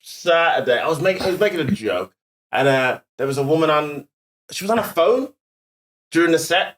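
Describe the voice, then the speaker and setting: British man, comedian, animated storyteller, lively swooping pitch, slightly higher voice. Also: brisk, slight background noise. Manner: animated, laughing, acts out voices in anecdotes. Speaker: comedian podcast co-host. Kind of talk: casual storytelling chat.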